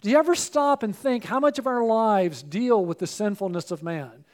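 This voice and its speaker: A man's voice: high voice, normal speed, darkish tone. A man preaching a sermon, earnest and personal, often putting questions to his listeners.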